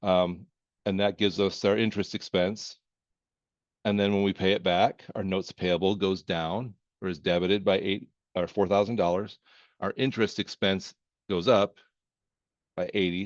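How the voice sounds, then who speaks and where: A man with a low voice teaches accounting in a casual, joking way, walking through each problem step by step. He sounds close to a dry mic, with little room sound. The recording is a bit dull and muffled at the top. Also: dry recording. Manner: folksy and joking, with verbal asides. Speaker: accounting instructor.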